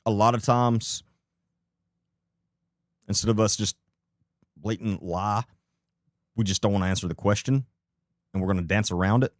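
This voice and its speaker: Man, low voice, dry close sound, blunt live-stream commentator; swears, repeats his questions. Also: moderate pace, pauses often, no echo.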